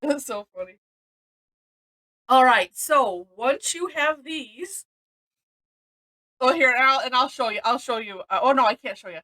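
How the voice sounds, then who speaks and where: A woman's voice: high voice, animated, unhurried, pauses often, pushed and bright, low-quality recording. A woman from Missouri teaching a live-streamed drawing lesson, chatty and rambling, often laughing between steps.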